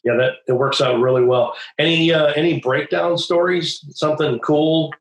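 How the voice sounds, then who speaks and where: A man co-hosting a car podcast, relaxed and joking in casual chat. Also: on the high side. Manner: relaxed, quick affirmations, joking. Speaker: podcast co-host. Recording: roomy echo.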